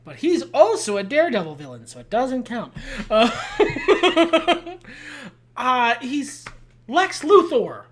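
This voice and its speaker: A woman's voice: high-pitched, very animated, slow. A woman co-hosting a podcast, chatting casually and teasing in a playful, theatrical way. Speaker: podcast co-host. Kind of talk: casual chat.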